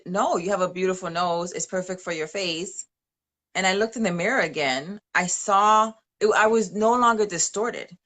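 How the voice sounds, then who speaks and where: A woman's voice: medium pitch, a bit bright. A woman in her forties co-hosting a live stream, telling a personal story in casual testimonial chat, earnest, with a few Spanish phrases mixed in. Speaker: co-host of a manifesting live stream.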